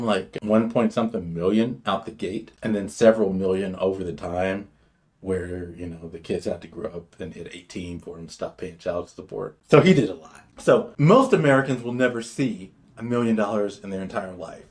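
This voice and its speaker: Brash swaggering male commentary host. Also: mid-range voice. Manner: brash, swaggering, profane, jumps between loud bursts and muttered asides. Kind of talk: opinionated commentary monologue.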